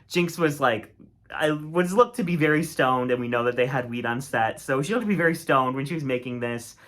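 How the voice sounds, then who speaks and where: A man's voice: mid-range voice, a bit bright. Chatty opinionated man reviewing drag. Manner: chatty, opinionated, filler-heavy with "like". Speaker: drag race commentator. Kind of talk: casual critique monologue.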